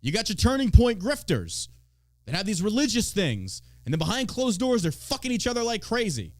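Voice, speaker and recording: A man's voice: high voice, huge pitch swings, moderate pace, darkish tone, no room sound. A man from Texas hosting a podcast, ranting about politics in a mocking, profane way and swearing freely. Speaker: podcast host.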